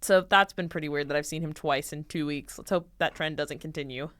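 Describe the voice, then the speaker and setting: A woman's voice: deep voice, fairly quick, no echo. A young woman co-hosting a podcast, telling stories in casual chat and acting out the dialogue, recorded on a close mic. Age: young adult. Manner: animated storytelling, acting out quoted dialogue. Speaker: podcast co-host.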